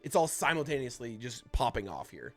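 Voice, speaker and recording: A man running a tabletop game as game master, narrating combat and explaining rules in a casual, halting way full of restarts. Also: medium pitch, big pitch swings, faint music behind.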